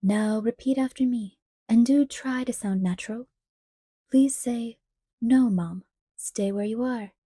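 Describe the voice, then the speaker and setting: A woman reading an audiobook, voicing a pleasant-sounding man who politely threatens in a smooth tenor. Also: fairly high pitch, unhurried, mellow, no echo, studio quality. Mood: calmly menacing. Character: menacing young-sounding male villain, light and friendly.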